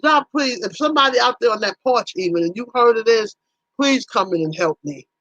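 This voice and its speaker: A woman's voice: on the high side, animated, brisk, a bit bright, dry recording, highs cut off. A woman hosting a casual livestream, talking animatedly with viewers, teasing them by name and exclaiming often. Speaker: livestream host.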